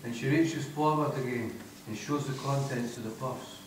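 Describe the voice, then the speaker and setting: A man's voice: medium pitch, normal speed, background noise. A middle-aged man with a Scottish accent reading his crude comic first-person fiction live on a theatre stage, broad, sweary and wry in dialect. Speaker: author reading aloud. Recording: echoey theatre from a distance.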